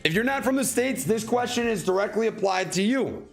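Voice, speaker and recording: A man's voice: high-pitched, expressive, brisk, creaky, hardly any pauses, soft background music. A man from North Carolina hosting a casual livestream, reading out viewer questions and riffing on them. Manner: reads out FAQ text then riffs on it casually.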